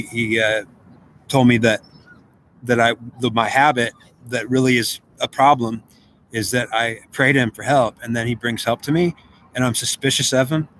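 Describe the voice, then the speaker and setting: A man giving a personal spiritual talk, speaking haltingly with many restarts and quoting God in conversation. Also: medium pitch, fairly bright tone, a little hiss or hum. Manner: halting, repeats words, quotes God in conversation.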